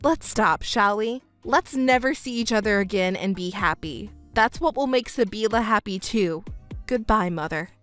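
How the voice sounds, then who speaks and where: A woman voicing a calm, composed young stepdaughter in a texting story, speaking coolly and cuttingly. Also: medium pitch, normal speed, soft background music, natural voice.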